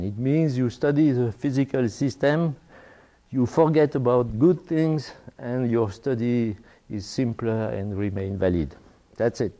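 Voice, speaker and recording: Slow French-accented older man lecturing. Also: medium pitch, mellow. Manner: halting, with frequent fillers and restarts. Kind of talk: academic conference talk.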